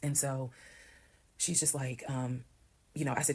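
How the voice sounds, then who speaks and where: A woman from Georgia, telling a personal story to camera in a lively way and acting out the voices of the people in it. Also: rumbling low, moderate pace, breathy edge. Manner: animated, acts out quoted voices. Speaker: storyteller in a TikTok clip. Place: played clip heard on a stream.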